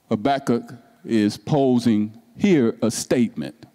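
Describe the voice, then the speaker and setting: A pastor preaches slowly and emphatically, piling up rhetorical questions and letting some passages fall to soft, hushed tones. His voice is high-pitched and very animated, trailing a long reverb tail.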